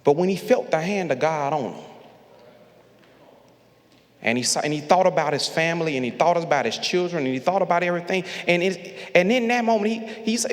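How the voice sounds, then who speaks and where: Slightly high and expressive, the preacher talks fairly quickly in a big sanctuary whose long reverb fills the recording. He leads a call-and-response sermon, using rhythmic repetition and calling on the congregation to respond.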